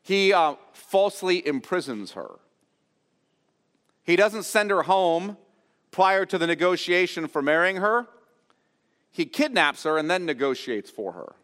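A man preaching an expository sermon as pastor, earnest and explanatory, often pausing to restate a phrase. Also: high-pitched, big pitch swings, a bit bright, smooth, long reverb tail. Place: church sanctuary.

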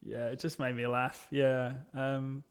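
A young English man chatting casually and telling stories, animated and swearing freely, acting out the people he quotes. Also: mid-range voice, a little slow, smooth. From England. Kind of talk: casual chat, storytelling.

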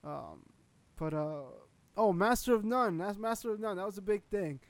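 A man's voice: high voice, expressive, normal speed. A man co-hosting a casual podcast, blunt and questioning, swearing casually. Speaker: podcast co-host. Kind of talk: casual chat.

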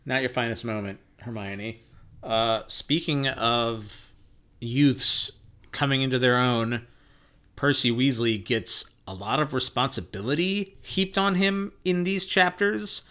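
A man's voice: mid-range voice, slow, pushed and bright. A man co-hosting a podcast in casual chat, rambling, who laughs nervously. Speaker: podcast co-host.

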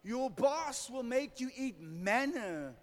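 A man's voice: extremely high pitch, lively intonation, slow, long reverb tail. A man preaching a sermon, telling a humorous story and calling for amens. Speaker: pastor.

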